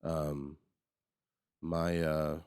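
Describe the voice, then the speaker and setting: A man's voice: a bass voice, little pitch movement, very slow, darkish tone, clean tone, no echo, clean studio sound. A man co-hosting a podcast, reviewing a movie in casual, rambling chat with many restarts. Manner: rambling, frequent restarts and fillers. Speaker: podcast co-host.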